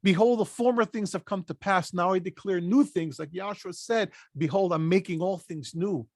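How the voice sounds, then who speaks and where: A man's voice: high-pitched, normal speed, no echo, studio quality. A man leading a Bible study, reading scripture aloud and breaking in with short emphatic asides. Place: lives in Pennsylvania.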